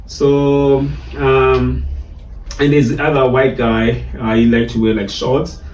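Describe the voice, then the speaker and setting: A man from South Africa with a South African Xhosa English accent, telling lively stories in a casual chat with many fillers and repeats. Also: medium pitch, slow pace. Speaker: barista trainer, guest. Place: in a car. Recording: roomy sound, mic at a distance, faint ambience.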